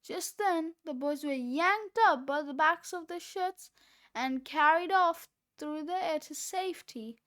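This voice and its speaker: Woman narrator for a kids' storybook, high voice, unhurried. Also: fairly bright tone. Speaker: children's book reader. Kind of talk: read-aloud storybook narration.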